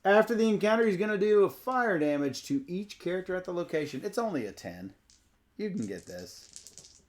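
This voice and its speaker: A man's voice: sits high, sing-song, moderate pace. Playful man reading out game cards. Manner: playful, reads card text aloud, laughs often. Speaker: co-host teaching a card game. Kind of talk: casual tabletop game playthrough.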